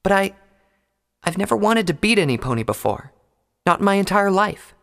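A man's voice: high-pitched, sing-song, moderate pace, creaky, a bit bright, pitched above the performer's own voice, exaggerated voice. A man voicing an earnest, proud young female unicorn mage in a raised, indignant voice. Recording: long hall reverb.

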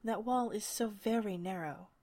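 Female reader playing a gentle, curious young girl, soft-spoken, storybook. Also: medium pitch, moderate pace, close to an everyday voice. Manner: soft and polite, partly whispered. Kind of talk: storybook reading.

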